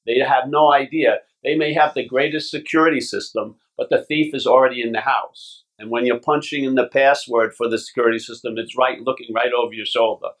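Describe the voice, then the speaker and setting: Reading passages aloud to a retreat group, a male spiritual teacher from Long Island, New York keeps things blunt and informal, dropping the odd curse word and regularly checking in with "yeah?". He talks a little fast with few pauses, in a typical middle male pitch and fairly even intonation.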